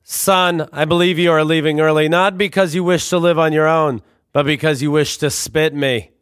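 A man's voice: a little high, steady tone, moderate pace, a bit bright, clean tone, dry recording, clean studio sound, lightly acted. A man voicing a strict, pompous father who speaks formally and dramatically. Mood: stern.

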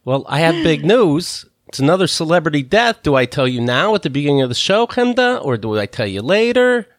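A man hosting a comedy podcast, cracking crude, deadpan jokes in casual chat. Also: on the high side, a little fast, no room sound, clean studio sound. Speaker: podcast host.

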